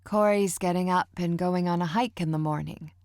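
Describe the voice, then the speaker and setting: A woman's voice: fairly low pitch, fairly even intonation, moderate pace, darkish tone, no room sound, clean studio sound, voice pushed up, natural voice. A woman voicing a worried, overprotective mother in an audiobook. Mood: fussing. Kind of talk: audiobook character voice.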